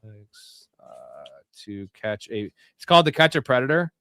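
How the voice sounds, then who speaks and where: A man's voice: mid-range voice, animated, unhurried, a bit bright, smooth, dry recording. A man co-hosting a live sports talk show, chatting casually and rambling with profane jokes and laughter. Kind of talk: casual chat.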